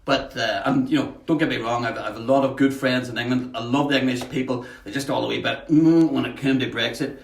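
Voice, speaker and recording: A man's voice: medium pitch, steady tone. Chatty man, echoey room. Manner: chatty, greets viewers by name, halting with many fillers. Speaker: poet hosting a livestream. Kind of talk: casual live-stream chat and poetry reading. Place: at home, in a house.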